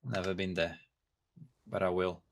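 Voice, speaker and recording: A low-voiced man whose first language is Portuguese, chatting casually while he streams a game. He talks in a halting way and thinks out loud as he plays. Faint keyboard clicks sit behind his voice. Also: fairly even intonation, a little hiss or hum. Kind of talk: casual gameplay stream chat.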